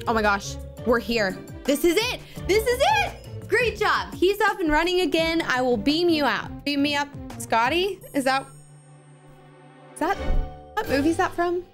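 A woman hosting a Minecraft video with excited, playful commentary, gasping and shrieking often. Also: high voice, normal speed, over music. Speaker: gaming YouTuber host.

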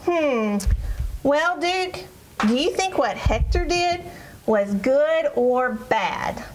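A woman voicing a friendly girl puppet who teaches children in a church puppet show, speaking in a bright, encouraging storybook tone. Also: sits high, expressive, very slow, slight background noise, exaggerated voice, rough recording. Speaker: puppet presenter.

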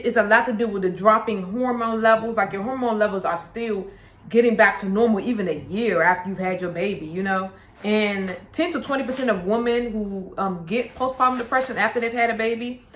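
A woman's voice: medium pitch, fairly bright tone, slight background noise. Casual slangy young woman in an echoey room. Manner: casual, slangy, many "like"s and asides. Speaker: vlogger, mother. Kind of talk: casual talk to camera.

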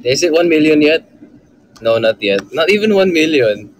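A man with a Filipino accent joining a casual livestream as a guest, playful and quick to laugh. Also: on the high side, animated, a little hiss or hum. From Philippines.

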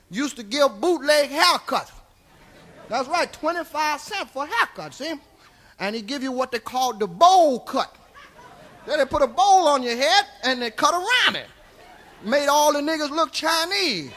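A comedian playing a crude, rambling old Southern storyteller with a Southern US accent, drawling folksy tales on a live stand-up stage. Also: male voice, very high-pitched, bright, forceful tone, exaggerated voice. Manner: drawling, folksy, keeps tagging lines with "see?". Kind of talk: live stand-up character monologue.

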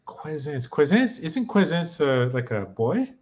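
A man learning in a casual chat, halting as he guesses meanings aloud and asks for phrases to be repeated. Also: a little high, big pitch swings, darkish tone. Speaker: co-host and learner.

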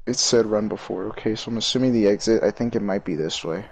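A young man chatting while playing a co-op game, jumpy and quick to swear, breaking into panicky bursts. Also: on the low side, gravelly, a little hiss or hum. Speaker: gamer playing co-op. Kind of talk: casual gaming chat.

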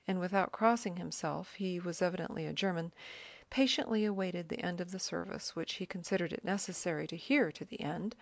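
A woman narrating a classic novel as an audiobook, in a measured, even storytelling manner. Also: lowish voice, vocal fry, dry recording.

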